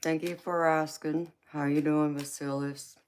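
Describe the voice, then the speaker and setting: Southern American woman, live stream host, slow easy chat, affectionate with viewers. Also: low voice, a little hiss or hum. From California. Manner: warm terms of endearment, slow relaxed talk.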